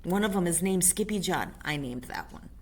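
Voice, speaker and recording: A woman reading a picture book aloud to a child on camera, animated, with chatty whispered asides. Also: fairly low pitch, moderate pace, a little hiss or hum.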